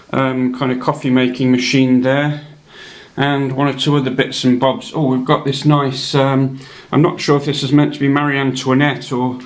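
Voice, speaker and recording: Rambling man with lots of ums. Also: medium pitch. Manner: meandering, many ums and uhs. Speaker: hobby model builder. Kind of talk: casual show-and-tell.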